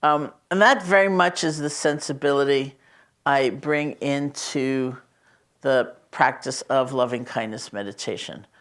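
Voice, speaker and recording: A woman meditation teacher speaking in a conversational, storytelling way, gently emphatic as she teaches about loving kindness. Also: extremely low pitch. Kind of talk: reflective teaching talk.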